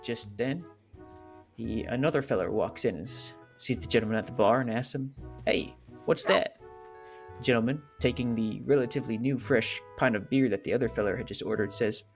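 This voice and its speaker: A man telling a long joke story in character, slow and unhurried, acting out each person in it. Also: mid-range voice, faint music behind. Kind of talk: drawn-out joke told in character.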